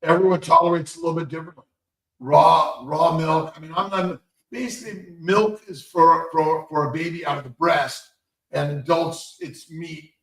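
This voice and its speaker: A man's voice: a little high, steady tone, moderate pace, fairly bright tone, distant mic. A man who hosts a live show as a doctor, answering questions in a rambling way with many fillers and restarts. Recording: echoey room, away from the mic.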